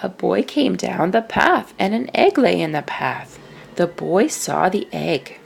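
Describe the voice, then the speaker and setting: A woman reads a children's book aloud slowly and expressively. Her voice sits low with a slight gravel. Her pitch moves widely. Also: a little hiss or hum. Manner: slow, expressive. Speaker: storyteller.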